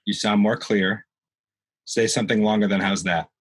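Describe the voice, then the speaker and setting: Husky-voiced guy hosting a podcast on a video call, jokey, swears a lot, laughs easily. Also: lowish voice, flat delivery, normal speed, low-quality recording. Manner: laughing, joking, swears freely. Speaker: podcast host. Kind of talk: casual chat over a video call.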